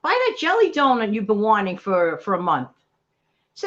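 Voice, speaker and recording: A woman's voice: medium pitch, huge pitch swings, normal speed, a bit bright, muffled recording. A middle-aged woman with a New York accent, chatting live and encouraging her viewers in a motivational way. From New York City. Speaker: livestream host. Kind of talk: casual live chat.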